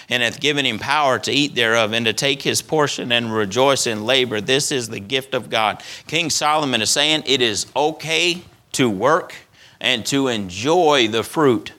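Middle-aged man, pastor preaching, folksy, emphatic, bright tense tone. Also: medium pitch, normal speed. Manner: folksy, repeats words, rises to emphatic peaks. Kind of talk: sermon.

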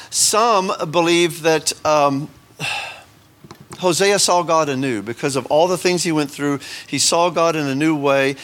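A man delivering a sermon with a slightly raised pitch. He talks loosely and conversationally, stopping himself mid-sentence for asides and checking in with "right?" as he goes. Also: fairly bright tone. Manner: conversational, self-interrupting, asides and rhetorical "right?". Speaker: pastor.

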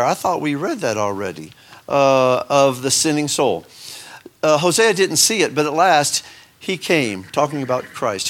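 Unhurried and sing-song, with a medium-pitched voice that's a bit bright, a man chats his way through a casual Bible lesson for a congregation. Expect joking asides, lots of fillers, and many restarts.

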